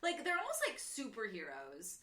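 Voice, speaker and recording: A woman's voice: on the high side, wildly swooping pitch, normal speed, sharp tone. Chatty young woman in an echoey room. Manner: chatty, acts out characters' lines. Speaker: podcast co-host. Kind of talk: casual book chat.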